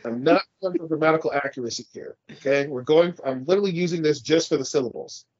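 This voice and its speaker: A man's voice: fairly high pitch, quick pace, a little mellow, breathy edge, no room sound, muffled recording. A man co-hosting a casual podcast, ranting and swearing as he argues his point. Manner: profane, ranting, argumentative. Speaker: podcast co-host.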